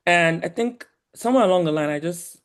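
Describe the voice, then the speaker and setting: A woman with a Nigerian accent softened by years in the US, talking as a guest in an animated, emphatic way and laughing often. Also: on the low side, a little fast. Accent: Nigerian, polished by years in the US. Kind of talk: casual conversation.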